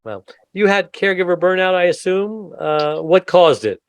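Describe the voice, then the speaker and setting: A man hosting a podcast interview, easygoing and quick to joke and laugh. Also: high voice, lively intonation, clean tone, dry recording. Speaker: podcast host. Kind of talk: conversational interview.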